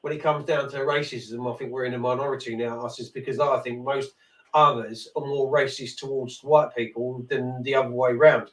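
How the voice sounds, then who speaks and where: A man speaking plainly on a talk show, mostly in short remarks. His voice sits at an ordinary pitch. He sounds distant and echoey, as if far from the mic in a roomy space. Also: steady tone, moderate pace. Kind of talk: casual talk-show chat.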